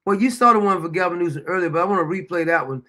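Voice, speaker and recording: A man's voice: high-pitched, rapid-fire, pushed and bright. A man hosting a livestream, talking in a loose, colloquial way and chuckling often. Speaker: host. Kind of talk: livestream commentary.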